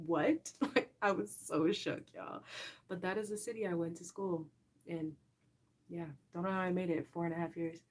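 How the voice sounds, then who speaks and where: Here a young woman runs a relaxed livestream, talking to viewers directly, lively and often laughing. She has a lowish voice, speaks at a normal speed, and leaves long pauses.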